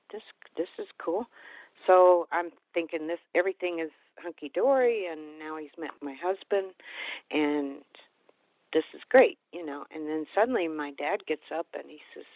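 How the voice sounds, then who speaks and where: A woman tells a personal story in a low, earnest voice, pausing and restarting as she goes. The sound is dry and close, with a dull, slightly lo-fi quality. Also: dry recording. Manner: halting, heartfelt retelling with many restarts. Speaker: guest telling a personal story.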